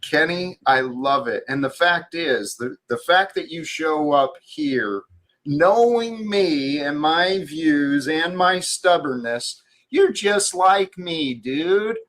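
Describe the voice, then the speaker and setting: A man hosting a live talk stream, earnest and halting, often restarting his sentences. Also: fairly high pitch, sing-song, a bit bright. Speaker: stream host.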